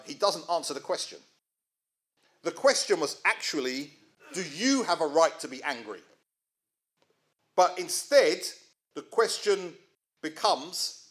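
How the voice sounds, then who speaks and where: A man's voice: fairly high pitch, a bit bright. A middle-aged man, preaching a sermon in a conversational way and asking his listeners questions. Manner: conversational, asks the audience rhetorical questions.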